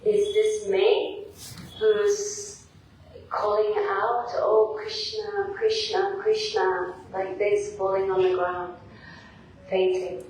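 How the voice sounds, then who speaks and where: A woman's voice: mid-range voice, animated, slow, darkish tone, slight background noise. A woman voicing a confused young woman recalling a dream, in a devotional story, in a distant echoey hall. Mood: wondering.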